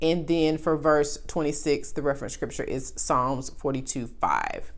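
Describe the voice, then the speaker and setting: Soft-spoken woman teaching Bible study. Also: low voice, animated, measured pace. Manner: conversational, with frequent fillers and restarts. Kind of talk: casual teaching video.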